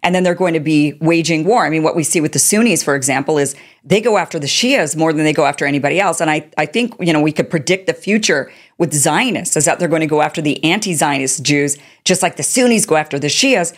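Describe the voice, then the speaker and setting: Low-voiced woman, indignant commentary. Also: expressive, fast talker, few pauses. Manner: indignant, sarcastic. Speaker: commentary host. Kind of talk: political commentary.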